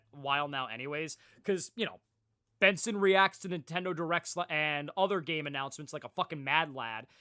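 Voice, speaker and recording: A young man talking to his live stream audience in loose, casual chat. His pitch jumps all over the place as he gets animated, and he laughs and swears freely as he rambles on. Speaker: livestreamer.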